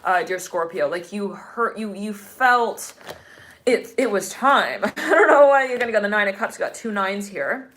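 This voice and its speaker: Excitable, chatty woman reading tarot. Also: moderate pace. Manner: chatty and exclamatory, laughs often; breaks into sudden excited high-pitched bursts. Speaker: tarot reader. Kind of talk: live-streamed tarot reading.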